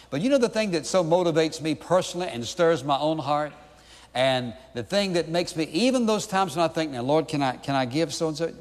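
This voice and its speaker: Pastor preaching in an echoing hall. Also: male voice, on the high side. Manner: emphatic, preaching with repeated rhetorical questions. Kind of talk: sermon.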